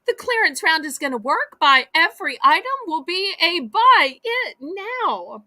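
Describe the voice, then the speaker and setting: High, lively woman auctioneer. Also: dry recording, studio quality. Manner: chatty, folksy, drawn-out sales patter. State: losing her voice. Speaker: live online auction host. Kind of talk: live-stream selling chat.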